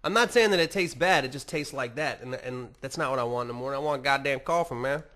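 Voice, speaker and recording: A man's voice: mid-range voice, fast talker, a bit bright. A man hosting a podcast, rambling casually and swearing a lot while mocking himself. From United States. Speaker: podcast host. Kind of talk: casual profane monologue.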